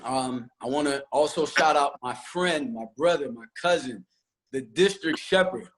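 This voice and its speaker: A man's voice: medium pitch, a little slow. A man who directs a church choir, giving long, emotional thanks and acknowledgements on a virtual church panel.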